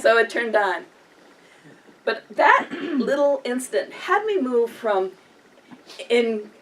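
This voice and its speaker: A woman's voice: on the high side, a little hiss or hum. An older woman giving a humorous storytelling speech, often chuckling through her own anecdotes. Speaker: public speaker. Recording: distant mic with faint room ambience.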